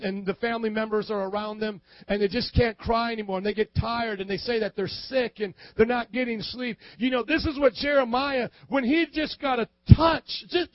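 High-voiced man preaching with fervor. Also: no room sound, highs cut off. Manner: impassioned preaching that swells into shouts. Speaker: pastor. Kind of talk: sermon.

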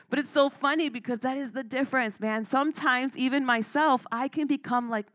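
A woman's fairly bright, high-sitting voice moves at a moderate pace with hardly any pauses as she preaches. Emphatic, she laughs between points and calls "Amen?" and "Come on" to the congregation.

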